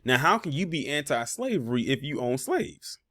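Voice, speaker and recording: A man's voice: mid-range voice, sing-song, moderate pace, a bit bright, dry recording, clean studio sound. A man hosting a reaction commentary video, talking casually and pointedly, with sarcastic asides and frequent fillers.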